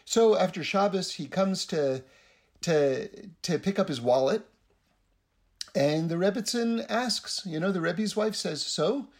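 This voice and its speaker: A man's voice: high voice, unhurried, darkish tone. A man giving a casual spiritual teaching, rambling and often repeating his words.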